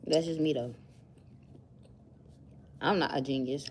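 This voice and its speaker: A woman's voice: deep voice, measured pace, a little mellow, slight background noise. A young woman vlogging at work, chatting casually and musing aloud as she rambles from thought to thought. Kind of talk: casual chat to camera.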